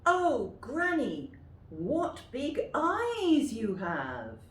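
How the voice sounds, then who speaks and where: A woman voicing an innocent little girl in a red hood, high and drawn out. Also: wildly swooping pitch, extremely slow, echoey room, recorded from a distance, a little hiss or hum, exaggerated voice. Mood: wondering.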